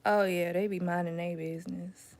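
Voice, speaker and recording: A woman's voice: on the low side, fairly even intonation, normal speed, a little mellow. A young woman chatting casually as a mom, telling stories with slangy asides and frequent laughter. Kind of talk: casual chat.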